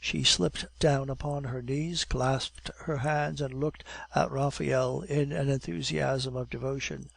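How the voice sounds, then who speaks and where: A male audiobook narrator with a gravelly, creaky edge to his voice. He reads in a steady, measured way. The sound is close and dry. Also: medium pitch, no room sound. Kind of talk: scripted narration.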